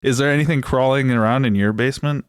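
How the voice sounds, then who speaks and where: A man's voice: medium pitch, fast talker, clear, resonant tone, dry recording, clean studio sound. A man co-hosting a gaming podcast, joking and rambling with lots of fillers, talking into a desk mic. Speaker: podcast co-host. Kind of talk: casual gaming podcast chat. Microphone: studio mic at desk.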